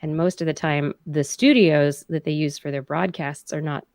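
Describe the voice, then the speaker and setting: A woman's voice: deep voice, steady tone, moderate pace, a little mellow, no room sound, studio quality. A woman co-hosting a science podcast from home in casual chat, chatty and full of fillers. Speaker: podcast co-host.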